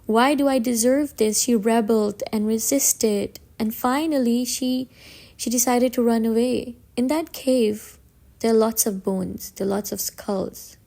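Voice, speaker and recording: A woman's voice: a little high, fairly even intonation, unhurried, vocal fry, mellow. A woman narrating a comic story recap in a casual, dramatic way, with emphatic stresses and frequent restarts.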